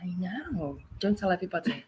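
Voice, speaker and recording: A woman's voice: fairly low pitch, big pitch swings, fairly quick, low-quality recording. A woman hosting a casual livestream from home on a shared desk microphone, chatty and rambling, laughing often. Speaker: livestream host.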